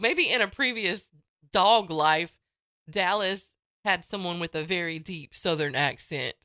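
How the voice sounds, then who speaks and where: A woman hosts a morning radio show in a chatty, folksy, playful way. Her voice swings widely in pitch and sounds bright and crisp, recorded dry and close on a studio mic. She takes her time, talking at an unhurried pace. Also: animated, no room sound. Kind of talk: casual morning radio chat. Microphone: studio microphone.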